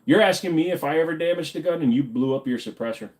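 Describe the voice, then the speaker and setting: A man's voice: a little high, fast, a little mellow. Offhand joking male livestream host. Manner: joking, offhand, reads chat aloud. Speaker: livestream host answering chat questions. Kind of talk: casual livestream Q&A. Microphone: desk microphone.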